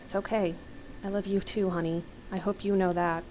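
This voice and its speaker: Woman reading a warm steady wife. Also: medium pitch, normal speed, slight background noise, lightly acted. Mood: tender.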